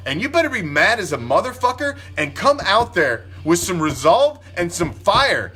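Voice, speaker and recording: Fired-up, high-voiced ranting man. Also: bright, forceful tone, husky. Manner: profane, heated, emphatic. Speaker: sports talk commentator. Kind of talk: fired-up sports opinion rant.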